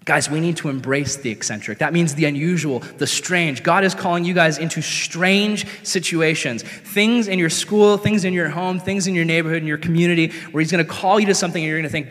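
A man preaching a sermon in a casual, conversational way that rises to animated, excited peaks. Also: fairly high pitch, a little fast, hardly any pauses. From America. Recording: long hall reverb.

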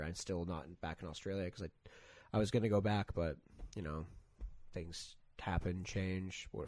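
A man's voice: on the low side, darkish tone, dry recording. Young man rambling through a story. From Canada. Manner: rambling storytelling, lots of swearing and "like". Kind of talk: casual chat.

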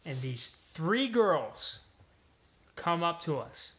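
A young man telling a story on a casual podcast, animated and swearing freely. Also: a little high, slow pace. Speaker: podcast co-host. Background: pets in the room.

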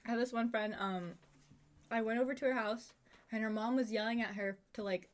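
Young woman with a higher voice, blunt. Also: fairly even intonation, fairly quick. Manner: blunt, laughing anecdotes. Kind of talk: casual chat.

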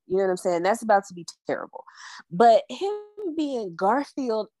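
A woman's voice: medium pitch, dry recording. A woman co-hosting a podcast, joking and asking incredulous questions in casual chat. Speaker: podcast co-host.

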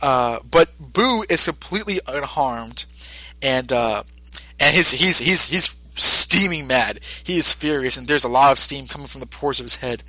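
A man's voice: medium pitch, lively intonation, normal speed, bright, forceful tone, dry recording, low-quality recording. A male podcast host casually recapping an episode, rambling with lots of fillers.

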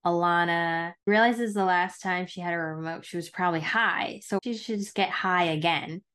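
A woman co-hosting a podcast, recapping a TV episode in relaxed, agreeable back-and-forth. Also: on the low side, normal speed. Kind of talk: casual chat.

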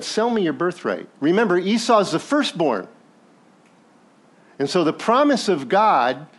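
A man preaching a sermon with a fairly high voice that swings widely up and down. He talks to the congregation in a conversational way, asking them questions. He briefly acts out characters as he tells the story. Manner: animated, acts out biblical characters in passing. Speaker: pastor.

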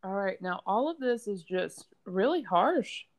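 A woman's voice: mid-range voice, expressive, unhurried. A woman co-hosting a casual chat, reacting with wry, teasing comments. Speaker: podcast co-host.

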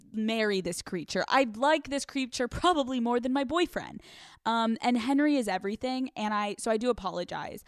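A woman's voice: mid-range voice, no room sound, clean studio sound. A woman hosting a podcast in casual chat, candid and profane, laughing often. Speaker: podcast host.

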